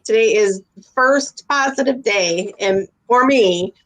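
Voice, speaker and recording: A woman's voice: on the high side, slow pace, a bit bright. Easygoing woman hosting a chat. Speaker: host. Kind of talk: casual chat.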